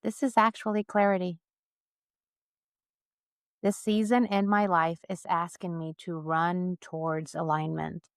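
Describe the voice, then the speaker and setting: A middle-aged woman co-hosting a podcast, speaking in a slow, measured, reflective way and leading a spoken closing prayer. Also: lowish voice, fairly even intonation, no echo, clean studio sound. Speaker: podcast co-host.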